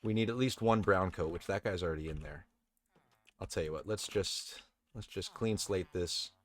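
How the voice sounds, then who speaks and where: A man giving relaxed, casual commentary while playing a video game, chatting to the game characters and swearing now and then. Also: deep voice, normal speed, a little hiss or hum. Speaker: let's play host.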